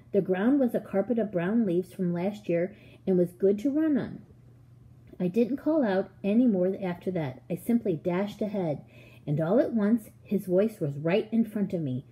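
A woman narrates a children's storybook aloud with expressive, measured pacing. Her voice is mellow and warm. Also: mid-range voice, poor audio. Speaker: audiobook reader.

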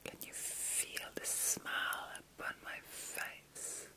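A middle-aged woman whispers her way through an ASMR vlog from bed at night, speaking slowly in a soothing, reflective manner. Her voice comes across pushed and bright.

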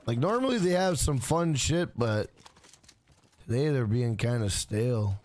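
A man's voice: mid-range voice, lively intonation, measured pace, darkish tone. A man streaming a game, chatting casually with his viewers in a joking, profane way. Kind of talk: casual gaming livestream chat.

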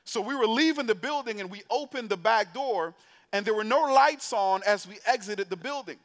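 A man's voice: sits high, lively intonation, normal speed, fairly bright tone. A man preaching to young adults in a church, telling a story in a playful, conversational way and putting direct questions to the congregation. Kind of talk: storytelling sermon. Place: church sanctuary.

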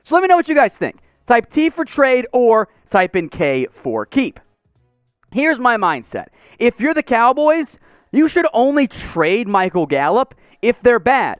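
A man's voice: sits high, clean tone, no echo. A man hosting a sports show, talking in a chatty, joking, emphatic way. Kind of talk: casual sports commentary.

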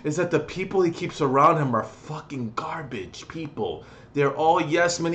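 A man's voice: on the high side, lively intonation, moderate pace, hardly any pauses, fairly bright tone. A young adult man vlogging a comedic, profane rant reviewing music, mocking and exasperated.

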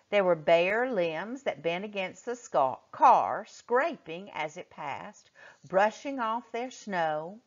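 A woman teacher reads a chapter book aloud slowly, her voice rising and falling with lively expression as she stops to question the children. Her lowish voice comes through a muffled lo-fi recording.

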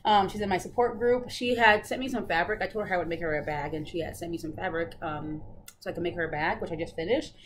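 A woman's voice: fairly low pitch, fast. A woman hosting a casual cross-stitch video chat, bubbly and chatty with many fillers. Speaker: Flosstube host.

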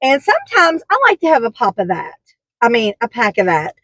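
A woman's voice: on the high side, wildly swooping pitch, fairly quick, fairly bright tone, breathy edge, low-quality recording. A woman chatting through a shopping haul, gushing and rambling with lots of fillers. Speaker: haul vlogger. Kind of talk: casual product haul chat.

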